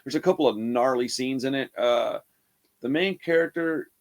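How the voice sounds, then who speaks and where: A man's voice: mid-range voice, moderate pace. A man giving a casual, rambling horror movie review, laid-back and full of "man" and "dude".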